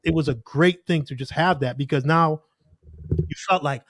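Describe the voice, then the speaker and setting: A man's voice: a little high, moderate pace, no room sound, studio quality. A man, a podcast guest telling stories in earnest, casual conversation. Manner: earnest storytelling with lots of "like" and quoted asides.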